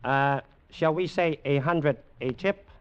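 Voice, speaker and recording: A man's voice: a little high, slow, clear, resonant tone. A man playing an arrogant, menacing warlord general in a 1940s radio drama, speaking clipped, broken English with mock courtesy. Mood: cold. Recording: dull lo-fi old radio broadcast.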